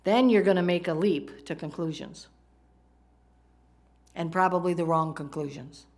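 A woman's voice: lowish voice, a little slow, a little mellow. A woman preaching a sermon, talking conversationally and asking the congregation questions. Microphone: microphone, PowerPoint slides in a church.

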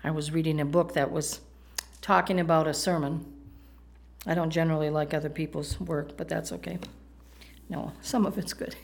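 A woman with a fairly low voice delivers a sermon. She tells a long story and breaks it up with joking asides to her listeners. She sounds middle-aged and comes from the United States. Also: steady tone, moderate pace, gravelly, long pauses. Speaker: preacher.

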